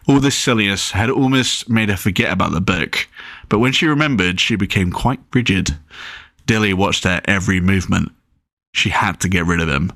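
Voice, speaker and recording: A man narrating a chapter of his own novel as an audiobook, relaxed and with occasional slips. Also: deep voice, normal speed, creaky, no echo, clean studio sound.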